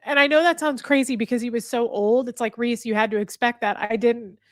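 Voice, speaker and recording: A woman hosting a livestream, talking candidly and earnestly to her viewers, halting and restarting her sentences. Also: on the high side, steady tone, dry recording, studio quality. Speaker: livestream host. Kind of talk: candid emotional talk to viewers. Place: indoor room with a fire.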